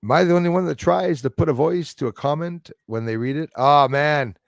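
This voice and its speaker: A man's voice: fairly high pitch, fast, vocal fry, a little mellow, no echo, studio quality. A man hosting a live stream, reading viewer comments aloud and rambling in casual, loose chat, laughing often and trailing off mid-thought. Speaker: livestream host reading chat.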